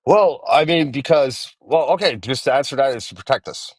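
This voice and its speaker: A man in his forties calling in to a live-stream debate, talking in halting restarts and repeating himself. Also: medium pitch, expressive, breathy edge, no room sound. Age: 40s. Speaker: guest caller.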